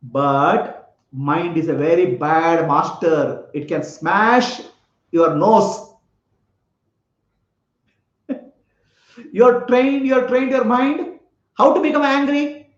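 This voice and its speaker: Speaking slowly with long pauses in a high voice, a man gives a spiritual talk built around a parable. He asks his listeners questions and often laughs, and the recording is echoey, slightly dull and lo-fi.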